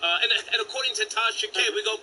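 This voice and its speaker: A man hosting a live call-in stream, bantering loudly and cursing freely. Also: sits high, very fast, a little hiss or hum, rough recording. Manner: loud brash banter with profanity. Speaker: host.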